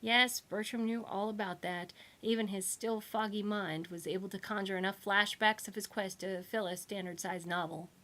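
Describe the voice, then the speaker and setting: A woman's voice: medium pitch, steady tone, moderate pace, hardly any pauses, sharp tone. A woman reading her own humorous sci-fi book aloud with wry, playful narration.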